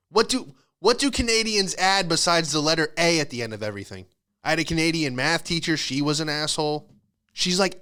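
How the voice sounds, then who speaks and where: Smooth-voiced sarcastic male comedian. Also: fairly high pitch, pushed and bright. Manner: sarcastic ranting, quick asides. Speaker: comedian and podcast host. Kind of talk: casual comedic monologue.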